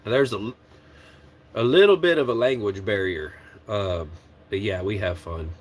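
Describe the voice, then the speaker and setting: A man's voice: on the low side, normal speed, a little hiss or hum. Man telling a trucking story, swearing freely. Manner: animated, swears and laughs while retelling. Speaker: truck driving trainer. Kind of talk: casual storytelling.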